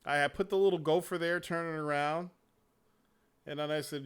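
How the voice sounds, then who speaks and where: A man hosting a casual gaming chat show, talking in a profane, animated way and laughing often. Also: fairly high pitch, normal speed, long pauses, clean tone. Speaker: show host.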